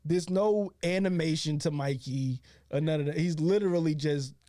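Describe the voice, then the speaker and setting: A man's voice: a little high, normal speed, warm tone, dry recording, studio quality. A man co-hosting a casual podcast, telling stories with lots of swearing and imitating his friends' voices. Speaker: podcast co-host. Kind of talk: casual chat, storytelling.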